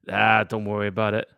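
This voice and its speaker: A man's voice: lowish voice, vocal fry, pushed and bright, no echo. A man from England, co-hosting casual live movie commentary, laid-back, chuckling and swearing casually. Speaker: co-host.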